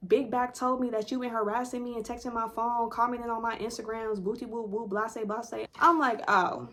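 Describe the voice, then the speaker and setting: A woman's voice: on the high side, little pitch movement, fairly quick, fairly bright tone. A young adult woman hosting a casual storytime vlog, talking bluntly to her viewers with plenty of swearing. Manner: blunt, profanity-heavy storytelling addressed to viewers. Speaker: storytime channel host.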